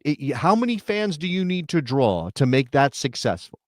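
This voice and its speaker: A middle-aged man co-hosting a soccer talk show, chatting casually and thinking out loud with rhetorical questions. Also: a little high, big pitch swings, moderate pace, few pauses, no room sound, studio quality. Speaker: soccer podcast co-host. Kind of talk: casual chat.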